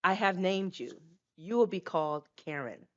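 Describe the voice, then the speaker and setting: An older woman voicing a gentle heavenly father who softly reassures an unborn child. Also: fairly low pitch, expressive, moderate pace, highs cut off, lightly acted. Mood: tender. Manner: soft, hushed, reassuring.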